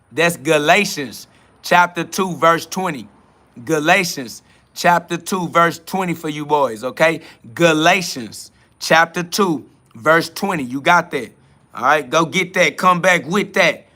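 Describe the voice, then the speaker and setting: Pushed and bright, this man's voice runs on the high side. Hosting a spiritual podcast, he responds to chat comments in a casual, emphatic preaching style, leaning on street slang and recurring catchphrases for a self-affirmation sermon.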